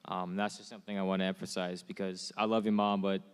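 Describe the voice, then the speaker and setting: A man's voice: low voice, level tone, fast, clean tone. A young man student on a panel, easygoing and joking, with lots of "like.". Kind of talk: casual panel talk. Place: performing arts hall. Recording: long hall reverb.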